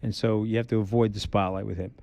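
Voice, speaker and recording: A man's voice: lowish voice, fast talker, gravelly. A middle-aged man as a podcast guest, talking bluntly and emphatically, repeating his points and acting out quotes. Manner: animated storyteller who acts out quotes. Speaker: interview guest. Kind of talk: candid podcast conversation.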